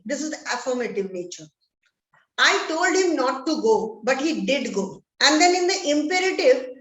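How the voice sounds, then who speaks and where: Slow, high-voiced Indian English teacher. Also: female voice. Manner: slow, deliberate, reads examples aloud with stress. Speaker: grammar teacher. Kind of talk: classroom-style grammar lesson. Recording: echoey room.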